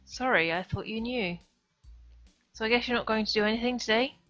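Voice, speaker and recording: A woman reading a calm teenage boy. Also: fairly high pitch, a little fast, lightly acted. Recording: dull lo-fi stream audio, faint music.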